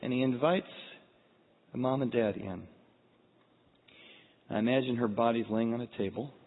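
Husky male pastor, acts out scenes mid-sermon, tinny phone-like sound. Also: mid-range voice, moderate pace. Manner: dramatic, swings from hushed to shouting. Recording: echoey hall over a tinny phone-like line.

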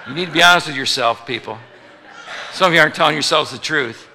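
A man serving as pastor delivers a sermon, joking with his congregation and doing little voices for the people he quotes. His voice sits on the high side and moves fast, with background noise present. The recording carries the long reverb of a large hall.

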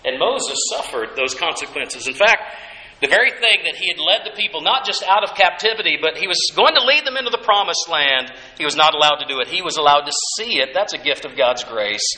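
A man preaching a sermon as pastor, telling a Bible story with animated voices for the complaining people. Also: a little high, fairly quick, very echoey, poor audio.

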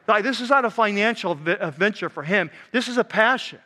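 A man preaching a sermon, animated, swinging from loud emphatic passages to soft, low, quiet ones. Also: a little fast. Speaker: pastor.

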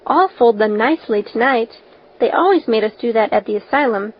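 A woman's voice: on the high side, lively intonation, fairly quick. A woman reading the part of an eager, talkative and imaginative young orphan girl. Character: chatty imaginative red-haired orphan girl. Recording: dull lo-fi recording.

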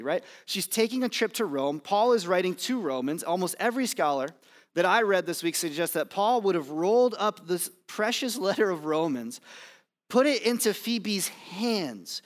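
A man preaching a sermon to his congregation in a conversational, self-deprecating way, with fillers and pauses. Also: high-pitched, a bit bright. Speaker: pastor. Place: church campus.

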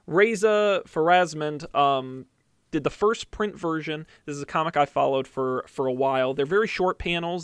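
A man's voice: a little high, smooth, no room sound, clean studio sound. A man hosting a podcast, wrapping up with an upbeat, chatty recommendation full of fillers and restarts. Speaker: podcast host. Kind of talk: casual podcast chat.

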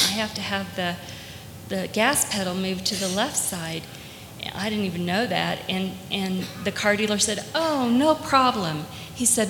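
A woman telling a personal story as a testimony, heartfelt and earnest, often pausing with fillers. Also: mid-range voice, noisy background. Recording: echoey hall, faint ambience.

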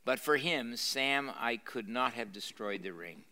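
An older man who is a pastor reads aloud from a novel before a live audience in a university room, pausing to explain and using dramatic emphasis. His mid-range voice is expressive, unhurried, and sharp in tone, and his speech is dotted with fillers and restarts.

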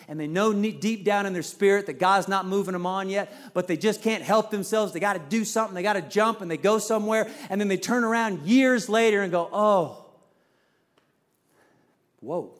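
A middle-aged man preaching, a pastor who tells a personal story in a conversational way and acts out the quoted lines. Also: sits high.

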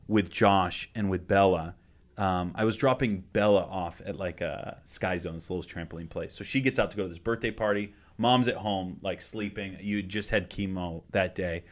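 A man in his thirties, a guest minister, sharing a personal story in an earnest, heartfelt way that often drops to a hushed tone. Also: low voice, normal speed. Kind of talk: conversational storytelling.

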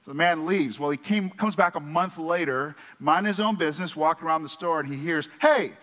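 A man's voice: fairly high pitch, a little fast, a bit bright. Earnest male pastor in a reverberant church. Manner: earnest, conversational storytelling. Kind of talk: sermon. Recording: church hall with long reverb.

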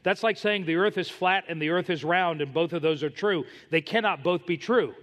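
A man's voice: on the high side, normal speed, fairly bright tone, in a large hall. A man preaching a sermon as pastor, emphatic and telling stories to make his points.

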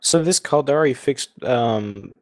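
A man hosting a casual gaming podcast, reacting in an excitable way and swearing often. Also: medium pitch. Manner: excitable, profane, quick reactions. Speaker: podcast host.

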